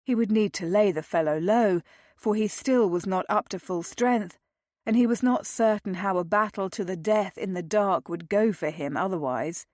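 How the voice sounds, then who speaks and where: A woman narrating a romance novel aloud in a measured, dramatic reading. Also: medium pitch, a little mellow, no echo, studio quality. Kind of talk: audiobook narration.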